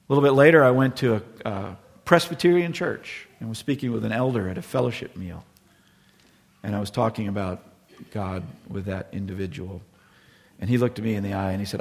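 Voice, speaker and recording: Gravelly middle-aged preacher. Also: male voice, fairly low pitch, animated, brisk, long reverb tail. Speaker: pastor. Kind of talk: sermon.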